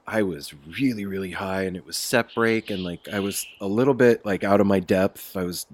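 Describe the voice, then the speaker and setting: A man guest telling stories in a casual, animated chat, swearing freely and laughing. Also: sits low, moderate pace. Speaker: podcast guest. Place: outdoor porch.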